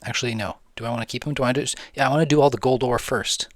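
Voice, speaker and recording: A man's voice: medium pitch, fairly even intonation, rapid-fire, no echo. A young man giving casual, rambling gameplay commentary, slangy, jokey and swearing freely. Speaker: gaming video host.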